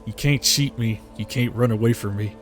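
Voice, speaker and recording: A man's voice: medium pitch, normal speed, soft background music, voice pushed down, lightly acted. A man doing Death, a menacing spirit. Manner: menacing, taunting. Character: Death, a relentless soul-claiming spirit.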